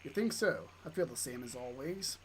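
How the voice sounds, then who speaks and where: A sardonic young swordsman speaks bluntly and teasingly, read by a player. The voice sits at a middle pitch. There is a faint hiss behind it. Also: expressive, moderate pace, lightly acted. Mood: gruff. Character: gruff young male mercenary, sardonic.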